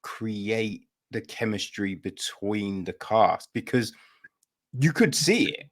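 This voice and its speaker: A man's voice: lowish voice, animated, slow. A man hosting a podcast interview who asks long, searching questions.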